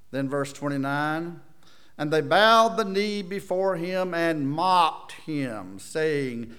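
A male preacher delivers a sermon in a somewhat high voice with a very lively, animated pitch. He swings from forceful, loud bursts down to hushed, near-whispered lines. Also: slow, smooth.

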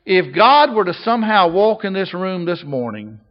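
A male pastor, older, preaching a sermon, swinging between loud passages and hushed ones. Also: high voice, very animated, moderate pace. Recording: slightly dull, lo-fi recording.

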